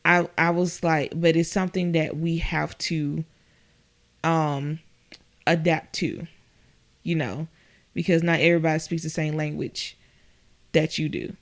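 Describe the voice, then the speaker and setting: Speaking as a guest in a casual chat, this young woman relates workplace stories and mimics what people said using a higher voice. Her delivery is flat and measured, broken by long pauses.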